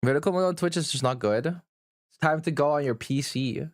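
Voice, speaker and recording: A man's voice: on the high side, moderate pace, dry recording, clean studio sound. A man livestreaming and answering chat in a blunt, profane, teasing way.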